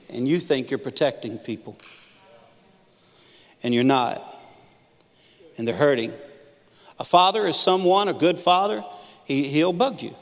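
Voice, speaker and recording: A middle-aged man preaching from the stage of a church auditorium, mixing jokes into his stories and acting out what people said. His voice sits at a medium pitch and carries a long reverb from the big hall. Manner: storytelling with humor, acting out quotes. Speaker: pastor. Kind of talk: sermon.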